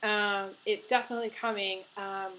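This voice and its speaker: Speaking at a normal speed with a medium pitch, this woman keeps a steady yet sharp tone while giving an informal tarot reading to the camera. Tearful and emotional, she laughs through her crying and keeps stumbling into ums and fresh starts. The recording quality is rough.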